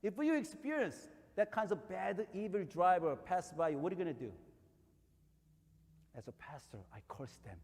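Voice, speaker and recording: A man's voice: high voice, very animated, normal speed, darkish tone. Man preaching with a Korean accent in a reverberant hall. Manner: conversational storytelling with rising emphatic peaks. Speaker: pastor. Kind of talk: sermon.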